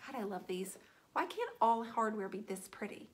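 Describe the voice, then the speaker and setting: A middle-aged woman chats with her viewers in a relaxed, playful, animated way while painting furniture, calling out some by name with teasing asides. Her voice is medium in pitch at a moderate pace, with background noise in the recording.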